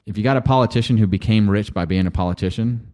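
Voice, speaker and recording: A man's voice: lowish voice, quick pace, darkish tone. A man hosting a lawyer's podcast, reacting to a radio clip with emphatic, alarmed commentary and repeated warnings.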